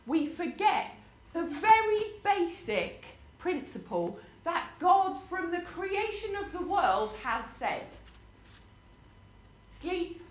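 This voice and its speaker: A woman's voice: extremely high pitch, very animated, slow pace. A woman preaching a sermon, telling a personal story with rhetorical questions to her congregation. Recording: roomy hall with faint ambience.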